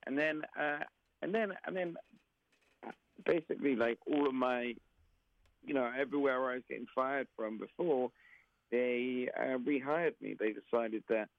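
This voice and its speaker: A man with a Southeast London accent, a guest performer chatting in an interview with dry, deadpan humor. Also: mid-range voice, moderate pace, vocal fry, dry recording, lo-fi sound. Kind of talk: casual interview chat.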